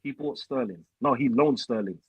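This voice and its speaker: A man's voice: medium pitch, moderate pace, slightly rough, no room sound, rough recording. A young man, calling in as a fan and ranting angrily, swearing, in heavy slang. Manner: swearing, heated, uses slang. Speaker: caller. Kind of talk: angry fan rant.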